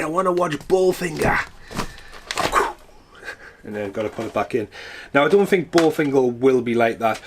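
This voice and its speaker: A man's voice: medium pitch, slight background noise. A man ranting casually and animatedly in a vlog, exasperated and swearing freely. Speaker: vlogger.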